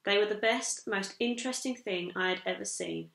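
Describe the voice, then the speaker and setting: A woman teacher reading a children's chapter book aloud in a steady storytelling manner. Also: medium pitch, normal speed, vocal fry, reverberant. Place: school room.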